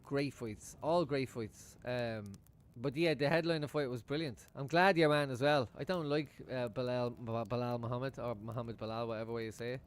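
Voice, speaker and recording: A man's voice: mid-range voice, fairly quick, hardly any pauses, smooth. A man chatting casually at home while he watches a football match live for his stream, swearing freely and laughing often. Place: room at home.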